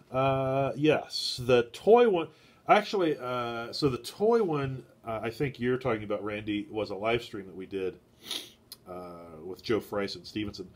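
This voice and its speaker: Rambling stuffy-nosed man streaming from his garage. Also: mid-range voice. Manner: meandering, heavy on "uh" fillers, chats with viewers. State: stuffy nose. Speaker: live stream host. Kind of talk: rambling casual live-stream chat. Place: garage shed.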